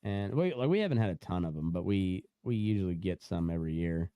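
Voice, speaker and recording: A man's voice: deep voice, animated, brisk, mellow, clear, resonant tone, no echo. A young man hosting a casual podcast chat, rambling with many fillers and restarts and laughing often, on a close mic. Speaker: podcast host.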